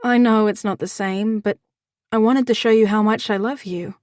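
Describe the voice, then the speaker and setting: A woman's voice: mid-range voice, fairly even intonation, moderate pace, darkish tone, dry recording, clean studio sound, natural voice. A woman voicing a young, anxious and loving royal woman, speaking in a heartfelt, pleading way. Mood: affectionate.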